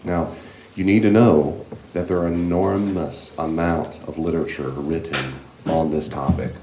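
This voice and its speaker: An extremely deep male voice guides a church grief class through a handheld microphone, soft and reassuring, talking conversationally and wandering into many asides. His intonation stays fairly even and he speaks a little slowly, in an echoing room with faint hiss beneath.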